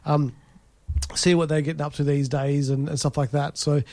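Gravelly-voiced man chatting casually. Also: a little high, flat delivery, dark tone, dry recording. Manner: rambling, halting speech. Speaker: podcast co-host. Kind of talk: casual chat.

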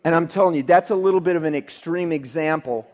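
A man preaching a sermon, telling a story that swings between emphatic outbursts and hushed, quiet passages. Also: on the high side, quick pace. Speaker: pastor.

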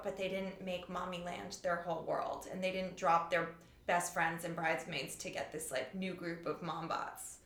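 Interview guest, woman in her forties, quick-witted storyteller, room echo on the track. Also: on the low side, a bit bright. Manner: chatty, quick storytelling with wry humor. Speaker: author and show creator guest. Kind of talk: casual interview chat. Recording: echoey room.

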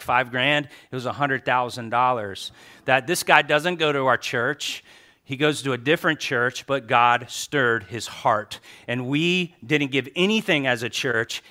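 A middle-aged man preaching to his church, a pastor telling stories in an animated way and quoting people in his own voice. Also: mid-range voice. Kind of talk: sermon.

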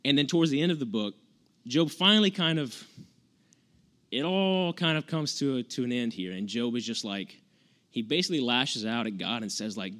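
A male preacher giving a relaxed, conversational sermon. He speaks at a middle pitch and retells old stories in modern, casual phrasing. He often restarts his sentences as he searches for words. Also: normal speed. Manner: conversational, earnest, retells scripture in everyday words. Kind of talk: informal sermon.

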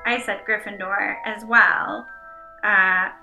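A woman co-hosting a casual podcast chat, reacting playfully and warmly to her co-host. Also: mid-range voice, fairly even intonation, takes it slowly, vocal fry, reverberant, faint music behind, poor audio.

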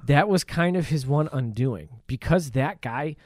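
A man's voice: fairly high pitch, lively intonation, measured pace, no room sound, clean studio sound. Enthusiastic man chiming in on a movie. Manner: enthusiastic, chimes in with details. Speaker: podcast co-host. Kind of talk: casual movie recap chat.

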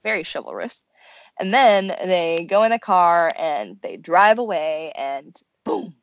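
A young woman co-hosting a casual chat, animatedly recapping a show and acting out quotes in high voices. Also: animated, a little slow, no echo. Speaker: podcast co-host.

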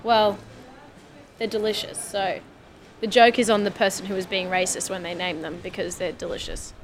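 A woman's voice: mid-range voice, little pitch movement, moderate pace, a little hiss or hum. A woman with an Australian accent chatting casually as host, laughing often and asking curious questions. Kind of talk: casual chat.

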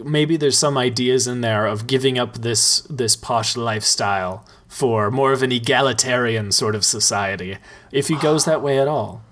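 A man's voice: medium pitch, moderate pace, fairly bright tone. Thoughtful man musing on a podcast. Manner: thoughtful, rambling with restarts. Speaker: podcast host. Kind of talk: casual chat.

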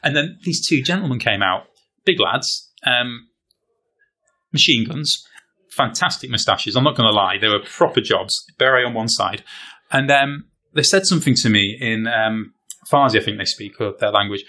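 A British man, a guest, telling a funny anecdote in a casual chat. He is an animated, self-deprecating storyteller who uses British slang. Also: medium pitch, moderate pace. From Britain. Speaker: guest, fencer.

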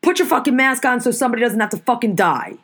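A woman's voice: fairly high pitch, lively intonation, quick pace, a bit bright, husky. Profane ranting New woman. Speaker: podcast host. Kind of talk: casual podcast rant.

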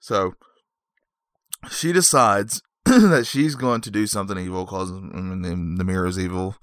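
A man hosting a podcast, recapping a movie in a rambling, wry way with joking asides and frequent throat clearing. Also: deep voice, measured pace, dry recording, clean studio sound. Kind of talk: casual comic movie recap.

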